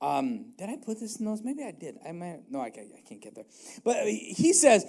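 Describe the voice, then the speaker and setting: A man's voice: high voice, huge pitch swings, moderate pace, darkish tone, husky. A man preaching a casual, humorous sermon as pastor, rambling with many fillers, restarts and jokes.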